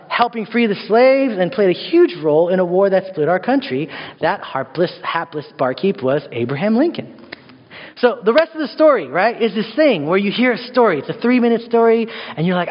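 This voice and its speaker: High-voiced man preaching in a church. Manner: animated storyteller with playful asides. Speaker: worship pastor. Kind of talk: sermon. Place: church sanctuary. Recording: dull sound, long hall reverb.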